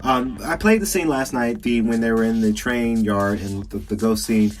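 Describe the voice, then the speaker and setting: A young man with a Southern accent, from South Georgia, talks through a game review alone on his casual podcast at normal speed in a medium pitch. He's rambling and chatty, full of fillers and frequent laughs, with faint music in the background.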